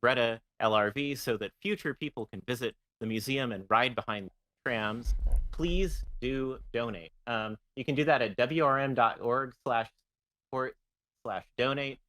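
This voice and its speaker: A man's voice: medium pitch, normal speed, pushed and bright. A man presenting slides on a casual podcast, talking with many ums and uhs. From San Francisco Bay Area. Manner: chatty, filler-heavy, plugging links. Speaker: guest presenter, model railroad builder.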